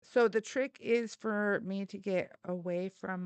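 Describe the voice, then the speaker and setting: A woman's voice: mid-range voice, fairly even intonation, measured pace, hardly any pauses, darkish tone, clean tone, no room sound. A woman hosting a casual livestream, chatting in a rambling way and addressing her viewers directly. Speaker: livestream host.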